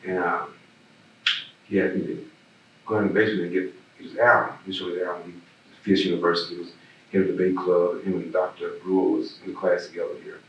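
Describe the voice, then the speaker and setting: Southern man, very low voice, rambling storyteller, echoey room with a distant mic. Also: flat delivery, quick pace, a bit bright, a little hiss or hum. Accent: Southern American. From Birmingham, Alabama. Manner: rambling, repeats words, laughs while telling stories. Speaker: oral history interviewee. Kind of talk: casual storytelling.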